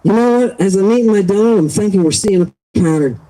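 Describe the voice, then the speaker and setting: A man's voice: high voice, fairly quick, dark tone, natural voice, rough recording. A man playing a wisecracking cop who muses aloud over donuts. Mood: joking.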